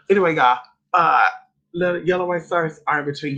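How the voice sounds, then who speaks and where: Sassy bright-voiced man, spiritual vlog. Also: fairly high pitch, fairly quick, rough recording. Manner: sassy, profane, theatrical asides. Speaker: spiritual vlogger. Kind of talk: casual live-stream chat.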